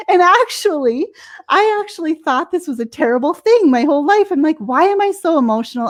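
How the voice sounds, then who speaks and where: An American woman, a life coach as guest, explaining things casually, laughing often and acting out her own reactions. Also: on the high side. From United States.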